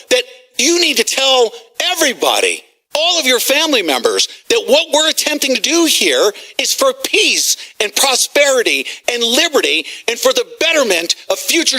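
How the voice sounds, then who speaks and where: A man hosting a talk radio show, ranting agitatedly, shouting and swearing at callers and officials. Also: very high-pitched. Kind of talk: heated talk radio rant.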